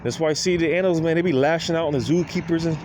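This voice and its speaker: A man with a slightly raised voice preaches in a loose, repetitive way and keeps circling back with "man" and "you know." He sounds worn down and aggrieved. He is recorded outdoors, with clear traffic noise running behind him. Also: on the high side, rapid-fire. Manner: weary, grievance-filled tone. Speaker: street preacher. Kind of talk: informal preaching monologue.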